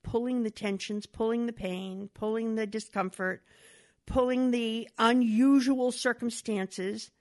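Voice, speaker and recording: A woman lecturing through an illustrative story. Her delivery is animated, and her voice swings widely as she narrates. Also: on the high side, a little slow. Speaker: speaker on domestic violence.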